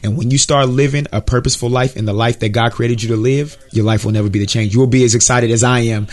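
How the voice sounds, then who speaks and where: Brief: American male guest, earnest and preachy, encouraging, average pitch. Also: steady tone, quick pace. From United States. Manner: earnest, encouraging, repeats words. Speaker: Christian rapper and guest. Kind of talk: interview, preaching.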